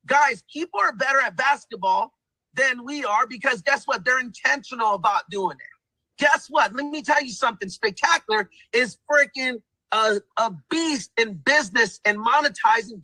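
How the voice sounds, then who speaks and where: A man's voice: very high-pitched, sharp tone, dry recording, low-quality recording. A man giving an emphatic motivational pep talk, repeating himself and calling the viewers guys. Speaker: testimonial speaker.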